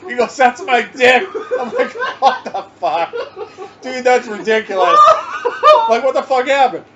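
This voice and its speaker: A man's voice: very high voice, animated, moderate pace, a crowd in the background. A man co-hosting a podcast in casual chat, telling crude stories full of swearing and laughter. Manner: profane storyteller, laughs through his stories. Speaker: podcast co-host. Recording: muffled, noisy home podcast recording.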